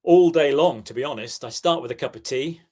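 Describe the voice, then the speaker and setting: A man's voice: a little high, fairly quick, a little mellow. A man, chatting as a podcast co-host in an easygoing, agreeable way. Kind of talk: casual chat.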